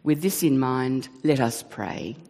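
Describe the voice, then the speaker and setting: A man leading church notices and prayers in a measured, earnest way. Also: mid-range voice, a little mellow. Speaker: church leader. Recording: reverberant church hall.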